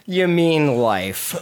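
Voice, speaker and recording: A man co-hosting a casual podcast, reading articles aloud and dropping crude deadpan jokes between passages. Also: a little high. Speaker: podcast co-host.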